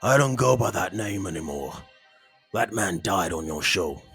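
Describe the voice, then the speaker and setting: A man voicing an enraged male chef turned villain, with loud, shouty outbursts. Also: deep voice, expressive, normal speed, husky, dry recording, soft background music, pitched below the performer's own voice, heavily acted.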